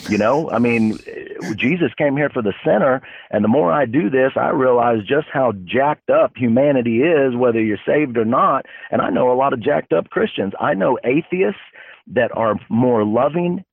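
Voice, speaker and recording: A man's voice: medium pitch, normal speed, creaky, husky, dry recording. A man hosting a casual faith talk show, blunt and fired up, speaking bluntly about believers. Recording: narrow phone-like dry sound.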